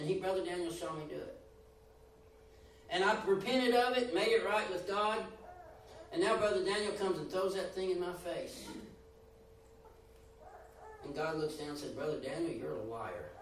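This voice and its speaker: Man, preacher, sermon, high voice, swinging emphasis, booming church echo, distant mic. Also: fairly even intonation, normal speed, pauses often, slight background noise. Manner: preaching with rising and falling emphasis, acting out quoted voices. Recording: echoey room, voice from a distance.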